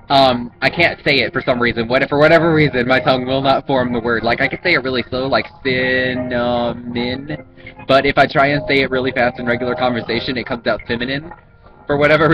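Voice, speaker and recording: A vlogger with a Southern US accent and a mid-range voice rambles casually through an accent-challenge video, full of ums and restarts. The recording sounds muffled.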